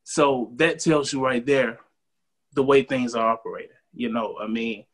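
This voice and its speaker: A man's voice: medium pitch, moderate pace, fairly bright tone. A man on a podcast talking casually and urging his listeners. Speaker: podcast co-host. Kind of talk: casual conversation.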